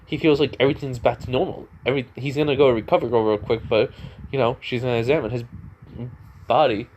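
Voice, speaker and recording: A man's voice: medium pitch, fairly even intonation, quick pace, darkish tone, muffled recording, a little hiss or hum. A man casually retelling a fan story, rambling along with lots of "you know" and "like". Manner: rambling, full of fillers and restarts.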